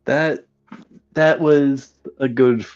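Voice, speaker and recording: A man's voice: medium pitch, fairly even intonation, very slow, darkish tone, clear, resonant tone. Friendly guy at a tabletop game, mid voice, dull mic. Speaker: player. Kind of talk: casual tabletop play.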